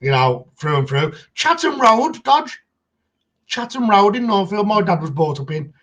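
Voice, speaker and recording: A man's voice: sits high, big pitch swings, unhurried, a bit bright, lo-fi sound. A man with a Black Country accent, from Birmingham, co-hosting a casual live stream and chatting through anecdotes. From Birmingham, England. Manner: chatty, tells anecdotes with quoted voices. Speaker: co-host of a history live stream.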